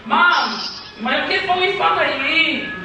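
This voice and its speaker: Lively, high-voiced woman vlog host. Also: slow pace. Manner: lively, teasing, laughs easily. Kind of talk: casual chat. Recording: echoey room with music behind.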